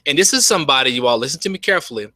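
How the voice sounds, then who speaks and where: A man giving an enthusiastic, folksy webinar sales pitch from home, often saying "you all". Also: lively intonation, rapid-fire, pushed and bright, no echo. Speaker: network marketing presenter. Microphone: webcam.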